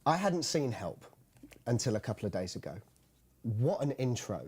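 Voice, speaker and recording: A man hosting a casual film chat, talking in a relaxed, agreeable way. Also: medium pitch, normal speed, slightly rough. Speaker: host.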